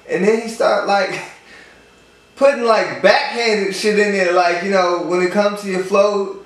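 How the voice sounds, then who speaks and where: A man's voice: high-pitched, steady tone, a little slow. A man reviewing an album in casual chat, rambling and profane with lots of fillers. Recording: echoey room, far from mic.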